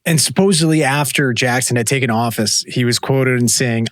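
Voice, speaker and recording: A man's voice: mid-range voice, normal speed, few pauses, no echo, clean studio sound. A man co-hosting a podcast, casually retelling a ghost story and swearing now and then. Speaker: podcast co-host.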